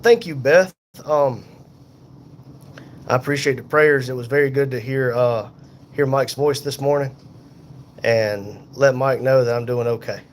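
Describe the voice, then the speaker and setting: A man in pain and tired, hosting a casual livestream from a hospital room on a phone, reading viewer comments aloud in an unhurried, folksy way. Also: medium pitch, slight background noise. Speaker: livestream host reading chat. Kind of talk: casual live chat.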